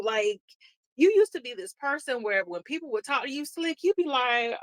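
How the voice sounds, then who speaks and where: A woman's voice: a little high, sing-song, a little fast, no echo. A woman co-hosting a podcast, telling a family story in casual chat and acting out the people she quotes. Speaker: podcast co-host.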